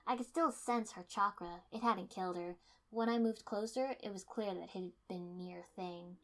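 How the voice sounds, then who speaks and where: A woman reading a first-person fiction story aloud in steady storytelling, dipping to soft menace. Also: mid-range voice, moderate pace. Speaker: narrator.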